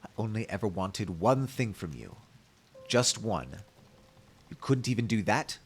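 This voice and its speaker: A man's voice: lowish voice, sing-song, unhurried, slight background noise. A man voicing a harsh, furious mother who turns cold and screams at her daughter. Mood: screaming. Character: harsh furious mother, middle-aged woman.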